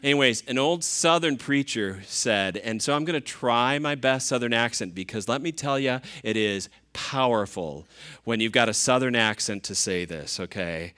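A man's voice: medium pitch, expressive, moderate pace, bright, forceful tone, clean tone. A man preaching a sermon, talking to his listeners in a conversational way. He keeps asking them questions as he goes. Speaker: pastor.

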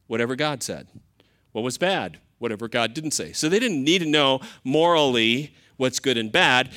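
A man's voice: medium pitch, fairly bright tone. A man preaching a sermon, talking to his listeners in a conversational way. He keeps asking them questions as he goes. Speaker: pastor.

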